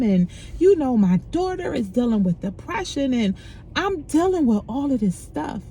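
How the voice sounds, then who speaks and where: A woman's voice: sits high, darkish tone, a little hiss or hum. A middle-aged woman candidly sharing a painful personal story, frank and emotional, speaking casually with profanity.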